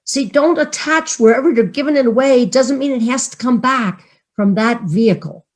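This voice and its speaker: A woman's voice: on the high side, normal speed. A woman minister delivering a sermon, earnestly leading her congregation in affirmations. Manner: warm, earnest preaching, leads congregation in affirmations.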